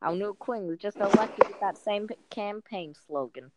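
A woman's voice: mid-range voice, expressive, moderate pace, very noisy, natural voice. A woman voicing a wisecracking New York comedian guy, reading movie lines in a New York accent. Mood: wry. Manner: reads movie lines in a put-on comic voice. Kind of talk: comic movie-script reading.

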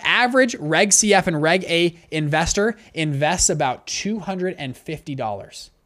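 A man with a somewhat high voice teaches investing at a whiteboard. He talks in a brisk, conversational way and often restarts his sentences as he explains. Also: fairly bright tone. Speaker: fund manager teaching investors. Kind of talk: whiteboard lesson.

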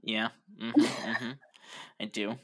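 Low-voiced man making dry jokes. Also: level tone, slow. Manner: dry, joking asides. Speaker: podcast co-host. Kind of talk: casual chat.

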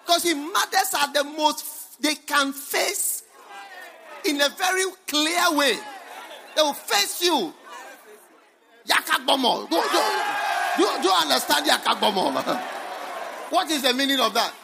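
High, gravelly preacher man, lively. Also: unhurried, long pauses, a crowd in the background, background noise. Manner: emphatic preaching, bursts of shouting and laughter, repeats phrases. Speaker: bishop, preacher. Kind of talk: sermon. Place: church hall with congregation.

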